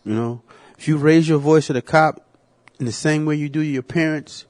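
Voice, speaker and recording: A man's voice: a little high, fairly even intonation, moderate pace, a little mellow. A man co-hosting a podcast in casual chat, blunt and opinionated with lots of slang and swearing. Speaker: podcast co-host.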